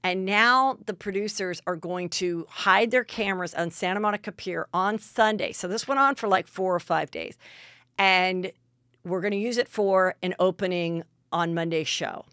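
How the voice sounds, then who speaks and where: A podcast host chats and gossips, telling stories and acting out what people said in a chatty way. Her voice is lowish, bright and forceful at a moderate pace, with studio-quality sound and no room echo.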